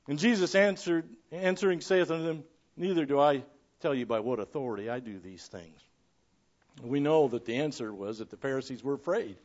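A man preaches a sermon in a high voice, reading old scripture aloud. He swings between ringing declarations and quiet asides, chuckling now and then. The recording sounds dull and lo-fi. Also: animated, moderate pace. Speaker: pastor.

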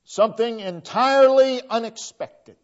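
A man preaching a sermon with slow, deliberate emphasis, his voice sinking to a hush at the end of phrases. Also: very high voice, lo-fi sound.

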